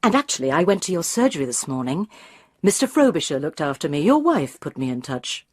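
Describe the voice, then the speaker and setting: A woman's voice: low voice, very animated, fairly quick, husky, dry recording, studio quality, exaggerated voice. Woman doing a hesitant, polite amateur sleuth. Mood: tentative.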